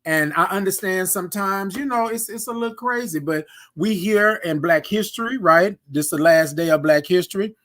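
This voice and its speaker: A man with a notably high voice hosts a relaxed morning livestream. He chats easily with viewers and reads their comments aloud. He keeps tagging his lines with "right?" and "y'all.". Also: normal speed, few pauses. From Houston, Texas. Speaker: host. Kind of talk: casual livestream morning chat. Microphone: desk microphone he can move aside.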